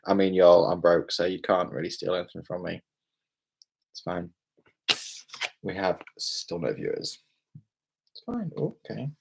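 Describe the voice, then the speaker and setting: A man's voice: low-pitched, moderate pace, vocal fry, few pauses, darkish tone, husky. A young British man, tipsy from beer, rambling and exclaiming as he chats on a live stream from a hotel room. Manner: rambling, exclamatory, self-mocking. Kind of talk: casual live-stream chat.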